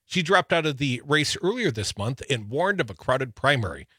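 A man's voice: medium pitch, very animated, normal speed, sharp tone, husky, dry recording, studio quality. A man from Wisconsin co-hosting a political talk radio show, running through the news with wry, teasing asides.

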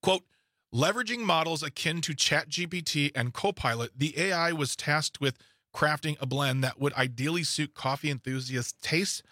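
Bright-voiced man reading headlines with asides. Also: fairly high pitch, moderate pace, dry recording, studio quality. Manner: reads news items aloud with asides and stumbles. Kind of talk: casual podcast chat.

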